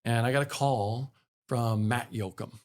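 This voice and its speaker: A middle-aged man from the northeastern US tells stories from his career in a relaxed, chatty way. He breaks into the voices of the people he quotes, which makes the telling vivid. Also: medium pitch, measured pace. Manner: animated storyteller acting out quoted dialogue. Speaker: guest, racing broadcaster. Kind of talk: casual storytelling.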